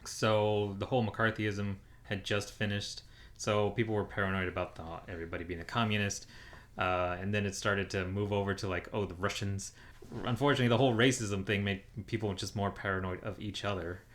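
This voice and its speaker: Low-voiced man recapping a film casually. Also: normal speed. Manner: relaxed, filler-heavy retelling. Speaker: podcast co-host.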